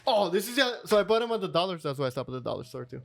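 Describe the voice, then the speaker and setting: A man trading banter on a casual podcast, laughing easily and cursing for fun. His voice is fairly high and swings widely in pitch. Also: very animated, creaky. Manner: joking, quick to laugh, profane banter. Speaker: podcast co-host.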